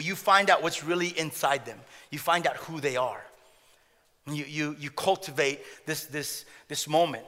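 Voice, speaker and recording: A man's voice: fairly high pitch, sharp tone, long reverb tail. A man preaching a sermon in a joking way, often repeating words and laughing at his own jokes. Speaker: pastor.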